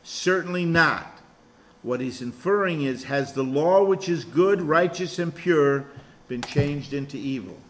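A man's voice: on the high side, a little slow. A man pastor leading an informal Bible study class. He talks conversationally and explains verse by verse, restarting his sentences often.

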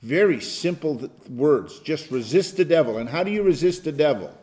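A male pastor teaching an interactive Bible study, emphatic and animated, at times bursting into loud exclamations. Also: fairly high pitch, moderate pace.

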